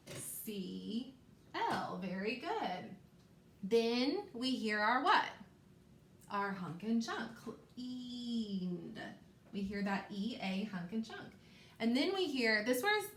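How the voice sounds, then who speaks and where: A woman teacher giving a phonics lesson to young children, stretching out words slowly and encouraging them. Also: fairly high pitch, fairly bright tone. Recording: echoey room, faint background noise.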